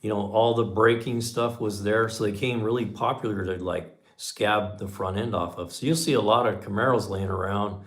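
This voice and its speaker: A man in his fifties with a fairly low voice hosts a casual livestream. He tells stories in a folksy, chatty way, often tossing in "man" and acting out the back-and-forth as he goes. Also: steady tone, moderate pace, few pauses. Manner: folksy, chatty, drops in "man" and acts out quoted dialogue. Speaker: channel host on a livestream.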